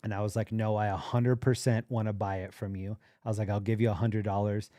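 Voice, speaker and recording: Mellow low-voiced man telling a story. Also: level tone, brisk, dry recording. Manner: rambling anecdotal, quotes people in his story. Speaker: livestream host. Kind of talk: casual storytelling.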